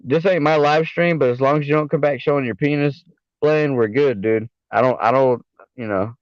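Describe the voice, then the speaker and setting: A man's voice: medium pitch, moderate pace, no room sound. Male panel guest, loose and profane, restarts a lot, mid-range voice, muffled dry recording. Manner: rambling, profane, full of fillers and restarts. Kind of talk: casual livestream chat. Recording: dull, dry online audio.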